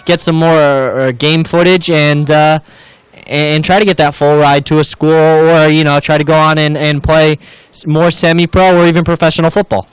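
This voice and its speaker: A man giving color commentary on a live soccer match, speaking in a halting way with many fillers and restarts. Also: on the high side, flat delivery, clean tone, no echo.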